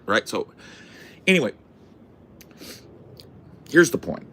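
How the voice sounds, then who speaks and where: A man hosting a podcast, ranting through a story as a brash, profane self-declared loudmouth who keeps asking "right?". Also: fairly low pitch, animated, moderate pace, pauses often. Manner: punctuates points with "right?". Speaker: podcast host. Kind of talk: casual storytelling rant.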